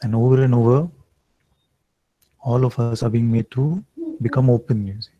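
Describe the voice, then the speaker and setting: A man giving a satsang talk as a spiritual teacher, slow and reflective, often checking in with listeners. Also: mid-range voice, fairly even intonation, dry recording, highs cut off. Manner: slow, reflective, gently questioning.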